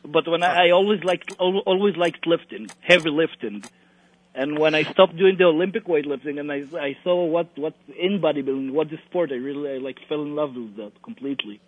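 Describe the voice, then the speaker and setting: A young man from Israel, a bodybuilder being interviewed, speaking casually in English with halting restarts and phrasing. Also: fairly high pitch. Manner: halting, many restarts, plain non-native phrasing. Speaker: guest bodybuilder. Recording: tinny phone-like line, dry.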